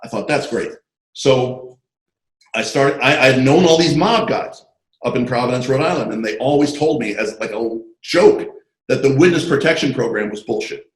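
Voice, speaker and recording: A man being interviewed about his screenwriting career, telling animated, digressive stories full of asides over a video call. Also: mid-range voice, normal speed, reverberant, low-quality recording. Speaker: interview guest, screenwriter and comic artist. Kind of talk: casual anecdotal storytelling.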